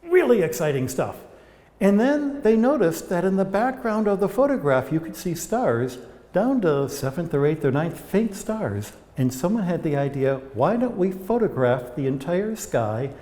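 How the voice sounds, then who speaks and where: A man's voice: sits high, very animated, normal speed, mellow, in a large hall. A man guiding a tour of old observatory telescopes, explaining with chatty anecdotes. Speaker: observatory guide. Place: inside old observatory domes.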